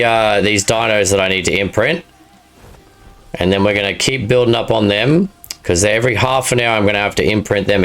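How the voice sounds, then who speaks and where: A man's voice: lowish voice, fairly bright tone. A man streaming a game live, chatting casually to his viewers and laughing at his own jokes. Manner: chatty, talks to chat and viewers by name. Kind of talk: live gameplay stream chat.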